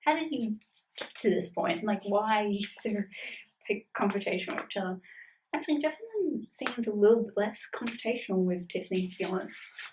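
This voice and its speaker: A woman's voice: mid-range voice, very animated, brisk, background noise. A woman chatting casually in a vlog about a tabletop campaign she plays in, rambling with lots of fillers.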